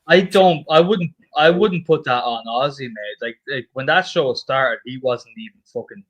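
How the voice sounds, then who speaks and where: A man chatting casually as co-host, easygoing and quick to restart his sentences. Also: mid-range voice, fairly bright tone, dry recording. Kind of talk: casual chat.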